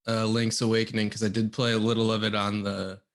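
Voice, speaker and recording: A man co-hosting a casual gaming podcast who talks in halting starts and laughs easily. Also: fairly low pitch, level tone. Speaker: podcast co-host.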